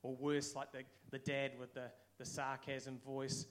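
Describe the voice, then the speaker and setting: Man, new zealand accent, casual sermon, conversational, mid pitch. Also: level tone, moderate pace, few pauses. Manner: conversational, acts out quoted voices. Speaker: preacher.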